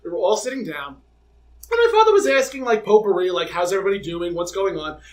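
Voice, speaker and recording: High-voiced man telling dramatic stories. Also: fast. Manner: animated, dramatic storytelling with quoted dialogue. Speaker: podcast co-host. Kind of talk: casual chat.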